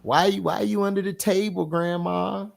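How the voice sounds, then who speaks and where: High gravelly guy cracking up, yelling out movie bits, kinda slow. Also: steady tone. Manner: loud, laughing, slangy, acts out movie scenes. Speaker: podcast host. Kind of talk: casual chat.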